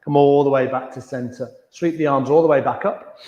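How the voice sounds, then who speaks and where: A calm man leading a yoga class with slow, soothing breathing cues. His voice is mellow and dark. The sound is dull and lo-fi, with a long, roomy reverb around it. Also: mid-range voice. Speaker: yoga instructor. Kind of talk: guided yoga class instruction.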